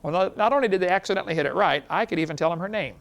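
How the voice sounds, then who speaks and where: A man's voice: high voice, racing, gravelly, fairly bright tone. A man giving a folksy classroom lecture, telling anecdotes and chuckling at his own stories.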